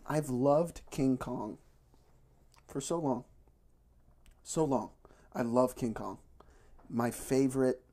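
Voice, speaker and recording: A podcast co-host chatting casually and excitedly, swearing often. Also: medium pitch. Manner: enthusiastic, swears a lot. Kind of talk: casual chat.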